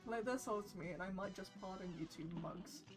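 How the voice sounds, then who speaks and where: A woman voicing the devil, a booming, gloating male casino owner, while reading a game's storybook intro aloud over game music. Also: a little fast, natural voice.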